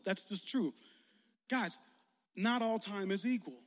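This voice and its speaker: Man in his forties, youth pastor, high voice, long hall reverb. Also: normal speed, pauses often. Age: 40s. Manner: lively, joking, rising to shouts. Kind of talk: energetic youth sermon.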